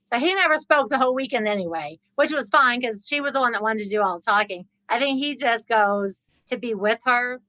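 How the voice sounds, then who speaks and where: A woman guest on a podcast, telling a story with lively laughter and acting out the people in it. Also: on the high side, a little fast, hardly any pauses, no room sound, poor audio. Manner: laughs often, acts out the people in her story. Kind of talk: animated storytelling.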